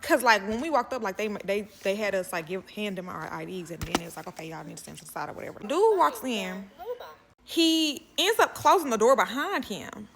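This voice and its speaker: A woman telling a personal story in a casual, animated way, full of "like" and "you know what I'm saying". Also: medium pitch, normal speed, faint music behind.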